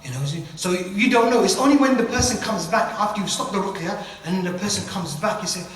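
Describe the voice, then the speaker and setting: Guy lecturing fast in a big echoey hall, far from the mic, acts out little scenes. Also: high voice. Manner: animated, acts out dialogues, uses Arabic phrases. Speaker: ruqya teacher. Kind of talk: informal religious lecture. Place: mosque hall.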